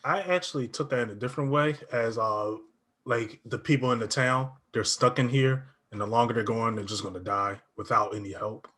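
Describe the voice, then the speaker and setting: A man co-hosting a casual review chat, easygoing and quick to agree. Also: medium pitch, a bit bright. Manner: easygoing, laughs often, brief agreements. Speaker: co-host.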